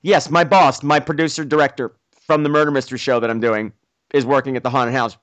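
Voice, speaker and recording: A man hosting a podcast, telling a story excitedly and playfully mocking himself, often acting out what people said. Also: medium pitch, quick pace. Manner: excitable, self-mocking, acts out quotes. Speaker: podcast host. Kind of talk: animated storytelling.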